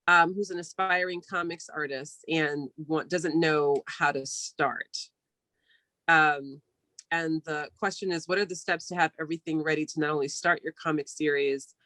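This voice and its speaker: A woman hosting an interview, reading out questions in a relaxed way with many hesitations. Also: low voice, no room sound. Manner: relaxed, hesitant, lots of ums. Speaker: interviewer host. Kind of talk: video call interview.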